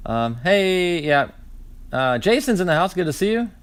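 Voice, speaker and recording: A man in his forties, hosting a live card-opening stream, chatty and animated, telling stories with dry sarcasm and greeting viewers. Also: sits high, normal speed, clear, resonant tone, no room sound. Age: 40s. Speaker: host opening card packs.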